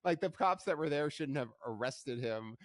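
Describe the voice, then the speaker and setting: A man's voice: on the high side, moderate pace, no echo, clean studio sound. A man co-hosting a casual podcast recap, talking animatedly and restarting his sentences. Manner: animated, mocking quoted voices, restarts often. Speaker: podcast co-host.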